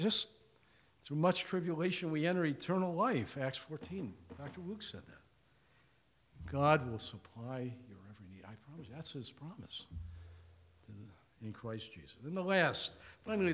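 An older man preaching a sermon as pastor, telling stories and acting out the dialogue in them. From Indiana, USA. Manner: storytelling, acts out dialogue, lively pitch.

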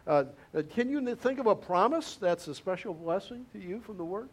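A man's voice: sits high, lively intonation, brisk. A male pastor giving an interactive sermon, calling on members of the congregation and repeating key words for emphasis.

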